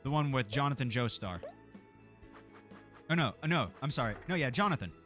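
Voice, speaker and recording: A man's voice: medium pitch, expressive, brisk, a bit bright, faint music behind. Profane, rambling male game streamer. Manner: profane, rambling, laughs often. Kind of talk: casual gameplay chat.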